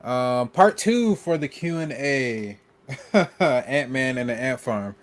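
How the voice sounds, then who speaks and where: Uomo che legge notizie in un podcast casual. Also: male voice, medium pitch, lively intonation, takes it slowly. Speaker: podcast co-host. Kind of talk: casual podcast chat, reading out an article and Q&A.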